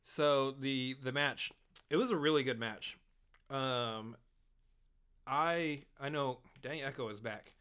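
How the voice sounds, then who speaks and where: A man's voice: mid-range voice, slow, a bit bright, clear, resonant tone. Casting: male co-host from Texas. Rambling, easygoing recaps with friendly teasing. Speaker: podcast co-host. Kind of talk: casual chat.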